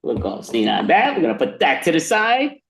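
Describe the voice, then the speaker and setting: A man's voice: fairly high pitch, wildly swooping pitch, a little fast, gravelly, a bit bright, reverberant. A man hosting an improv comedy game, playfully praising his own jokes.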